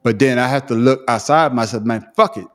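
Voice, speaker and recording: A man with a country Southern accent, co-hosting a casual podcast chat, talking in a profane, animated, self-mocking way with frequent laughter. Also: mid-range voice, brisk. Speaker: podcast co-host. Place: remote call.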